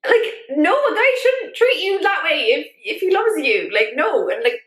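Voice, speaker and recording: A woman vlogger talking in a casual, animated way, full of fillers as she shares her opinions. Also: extremely high pitch, moderate pace. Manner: chatty, animated, many fillers like "like". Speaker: YouTube vlogger. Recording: echoey room.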